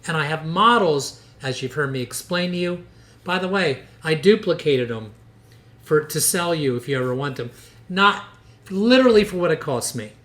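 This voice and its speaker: A man's voice: a little high, expressive, normal speed, fairly bright tone. Earnest older man teaching fellow dentists. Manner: earnest, persuasive storytelling, quotes his own patient talks. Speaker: dentist and educator. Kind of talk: instructional podcast talk.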